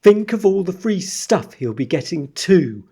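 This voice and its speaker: A man's voice: high voice, very animated, unhurried, warm tone, breathy edge, voice pushed up, heavily acted. An envious storybook boy, as a man puts him on, grumbling in a slightly raised voice. His tone is grudging and resentful.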